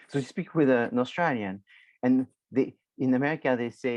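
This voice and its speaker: A man's voice: medium pitch, a little fast, darkish tone, dry recording, highs cut off. A man lecturing a university marketing class, explaining loosely with many restarts and filler words, addressing students directly.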